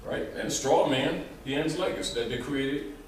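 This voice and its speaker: A man giving an animated, rambling informal lecture to a small group, restarting his sentences as he goes. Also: mid-range voice, normal speed. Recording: echoey room, mic far off, faint noise.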